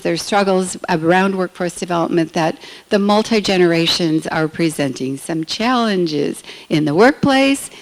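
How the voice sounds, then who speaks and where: A woman with a fairly low voice introduces the keynote speaker at a conference. She reads his credentials in a plain way, with the odd um along the way. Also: poor audio. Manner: reading a speaker bio with small fillers. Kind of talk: stage introduction.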